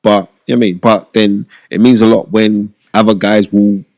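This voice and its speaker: A middle-aged man, telling stories as an interview guest in an animated, emphatic way and repeating phrases for stress. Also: lowish voice, moderate pace, no echo, studio quality. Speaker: guest, boxing pundit and former TV host. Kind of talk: casual interview storytelling.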